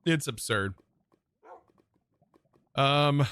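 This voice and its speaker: He streams a modded block-building game, chatting easily with viewers and muttering lists to himself as he plays. His voice sits lowish and sing-song, unhurried, with a fairly bright tone and no room sound in this casual live-stream chat.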